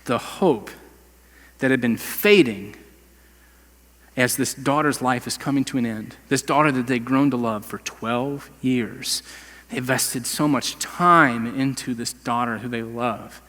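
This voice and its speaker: A man's voice: mid-range voice, measured pace, a bit bright, big-room sound. A male pastor preaching a sermon in a conversational, emphatic way, with casual slang. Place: church sanctuary.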